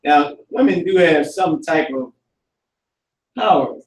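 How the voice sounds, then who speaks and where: A man leading a casual group discussion as teacher, animated and profane, often laughing as he talks. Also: on the high side, slow, roomy sound, recorded from a distance, rough recording.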